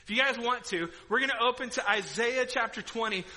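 A middle-aged male pastor preaching in a church auditorium, telling a story with animated energy, laughing and breaking into loud outbursts. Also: very high-pitched, brisk, low-quality recording. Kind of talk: sermon.

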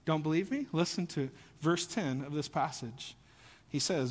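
A man preaching a sermon as pastor, conversational and animated, building to louder emphatic peaks. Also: on the high side, normal speed, long reverb tail.

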